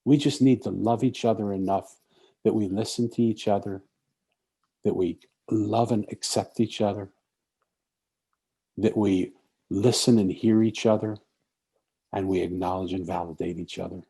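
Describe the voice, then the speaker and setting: Low, mellow-voiced man telling a story. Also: fairly even intonation, moderate pace, long pauses, husky. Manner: storytelling, acts out quoted speech. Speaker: speaker. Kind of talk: inspirational talk. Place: conference talk.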